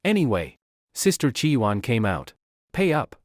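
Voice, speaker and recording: A man's voice: mid-range voice, big pitch swings, a little slow, no room sound, studio quality. A man voicing a cheeky young girl who gloats in a smug, teasing way. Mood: gloating.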